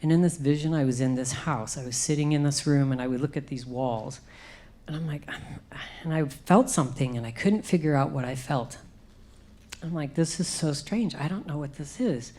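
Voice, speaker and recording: Middle-aged woman w a low voice, telling her faith story, gets emotional, acts out the moments. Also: moderate pace, warm tone. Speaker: conference speaker. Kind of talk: personal testimony.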